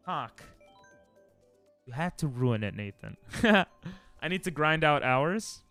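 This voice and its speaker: A man streaming live, chatting casually and playfully with his viewers, with sudden loud bursts. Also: on the high side, lively intonation, takes it slowly, long pauses, soft background music. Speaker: livestreamer.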